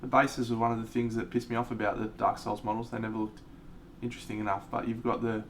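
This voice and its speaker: A man's voice: fairly low pitch, level tone, fast talker, recorded from a distance, slight background noise. A man with an Australian accent, chatting casually and rambling as he paints miniatures on a live stream and answers viewers.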